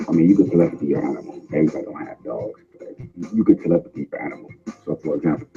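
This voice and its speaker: A man's voice: extremely low pitch, dark tone, highs cut off. A man talking casually on a group call, rambling and often checking in with his listeners. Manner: rambling, keeps asking "you know what I'm saying".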